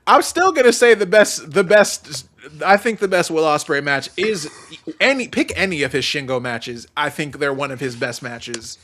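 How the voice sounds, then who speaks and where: Excitable man with a high, lively voice. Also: normal speed. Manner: excitable, swears a lot, laughs often. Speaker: podcast host. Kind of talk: casual wrestling podcast chat.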